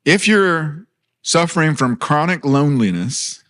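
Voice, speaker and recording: A man's voice: mid-range voice, moderate pace, fairly bright tone. A man in his thirties preaching a sermon in a church, earnest and conversational, mixing personal stories with light humor.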